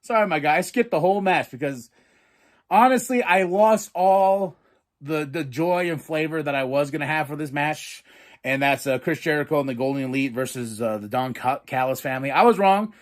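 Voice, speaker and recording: A man hosting a podcast, casually reviewing wrestling matches in an excitable, profane way, acting out his own reactions. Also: a little high, normal speed. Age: adult with a daughter. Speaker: podcast host.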